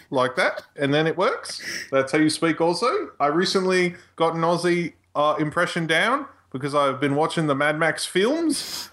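A man's voice: a little high, a bit bright, voice pushed up. A man putting on a goofy, exaggerated voice as a tough clawed Australian brawler. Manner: exaggerated bouncy put-on accent. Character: hammy tough Aussie bloke, clawed brawler.

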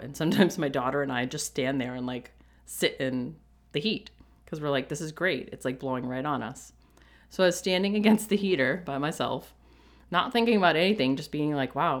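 A middle-aged woman with a low voice tells a personal story on her podcast. She talks casually and with animation, acting out what people said and laughing as she goes. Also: a little fast. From New England. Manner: animated, jumps into quoted voices, laughs often. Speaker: podcast host.

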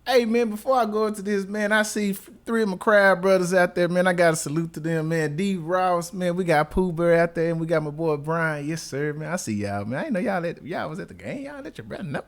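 A man's voice: high-pitched, a little fast, few pauses. A man reviewing a marching band battle in casual, slangy reaction commentary, exclaiming often. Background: faint band music.

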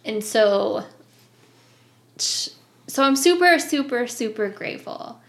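A woman in her thirties telling a story in casual chat, animated, laughing and swearing often. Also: on the high side, takes it slowly. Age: 30s.

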